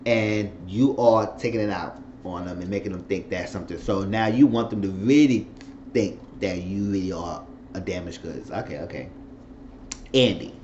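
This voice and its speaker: A man giving a casual spoken recap of a TV episode, chatty and animated, slipping into voices to act out what the characters said. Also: low-pitched, normal speed. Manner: chatty, acts out characters' lines in exaggerated voices. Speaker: TV series recapper. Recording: roomy, slightly dull home recording with faint noise.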